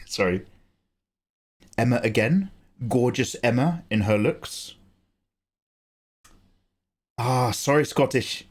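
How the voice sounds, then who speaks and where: English male streamer, chatty and loose, pitch bouncing all over; casual host talk. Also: slow, pauses often. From England. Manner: chatty, animated, swears and laughs easily. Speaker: livestream host. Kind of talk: casual livestream chat.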